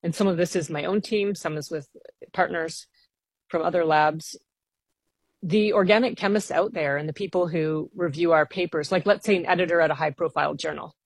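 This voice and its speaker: A woman with a low voice talks as a scientist in an interview. She explains her work at length, earnest and enthusiastic. The sound is dry and close, as in a studio. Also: steady tone, fairly quick, husky, no room sound. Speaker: planetary scientist guest. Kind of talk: radio interview.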